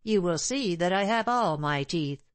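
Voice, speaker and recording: A woman reading a cold, composed gentleman. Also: fairly low pitch, lively intonation, a little slow, no echo. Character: calm, stern gentleman with a hard voice.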